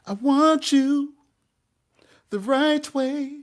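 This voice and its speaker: A man doing a high crooning lovesick ex. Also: exaggerated voice. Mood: pleading. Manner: drawn-out crooning, half sung.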